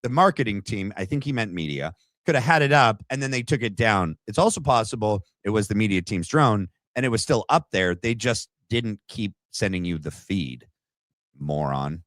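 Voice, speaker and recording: A man's voice: lowish voice, animated, moderate pace, fairly bright tone, no echo. A man hosting a livestream, reacting to clips in blunt, mocking casual commentary and calling people names. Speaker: livestream host.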